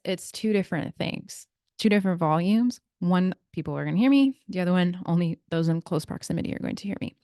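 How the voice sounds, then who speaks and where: A woman talks through her solo podcast in a relaxed, chatty way, explaining things with side comments and small laughs. Her voice sits a little low. The sound is dry and close to a computer mic. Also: moderate pace, dry recording. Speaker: podcast host and breathwork practitioner. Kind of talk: casual solo podcast talk.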